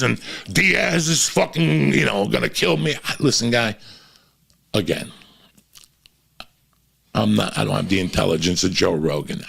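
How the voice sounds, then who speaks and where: Gravelly, low-voiced man from Cuba. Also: a bit bright. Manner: profane, rambling, blunt. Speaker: podcast guest or host telling stories. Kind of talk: rambling podcast storytelling.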